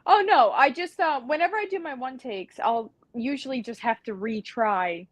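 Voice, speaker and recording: A woman's voice: high voice, moderate pace, no room sound. Chatty woman with a dry sound. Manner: chatty, with frequent ums and likes. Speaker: band singer and guest. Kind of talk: casual podcast interview.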